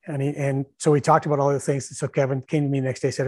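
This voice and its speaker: A middle-aged man and former hockey coach telling stories in casual chat, animated, laughing often and acting out what people said. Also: mid-range voice, racing, breathy edge, dry recording. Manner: animated storyteller, laughs often, acts out shouted bench calls.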